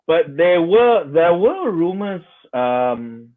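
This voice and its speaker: A man's voice: on the high side, very animated, slow, a loud crowd. A man from Malaysia co-hosting a casual live chat about films, hesitant, with many fillers and repeated words. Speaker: podcast co-host. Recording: tinny phone-like online call.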